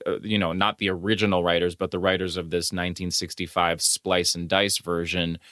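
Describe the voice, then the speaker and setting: A man's voice: low-pitched, flat delivery, brisk, a bit bright, no echo, clean studio sound. A man co-hosting a podcast, recapping an old film in casual chat, swearing and acting out its lines. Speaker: podcast co-host.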